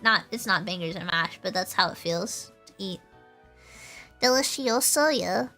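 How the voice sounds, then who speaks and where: Bubbly bright-voiced woman streamer. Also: mid-range voice, expressive, unhurried, faint music behind. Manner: bubbly, rambling, playful, laughs often. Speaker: vtuber streamer. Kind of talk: casual chat with stream chat.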